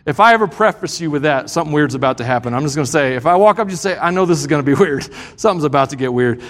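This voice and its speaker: A male pastor with a slightly high, lively voice preaches very fast, telling a self-deprecating story punctuated by frequent chuckles. He's in a church sanctuary, and the hall is reverberant.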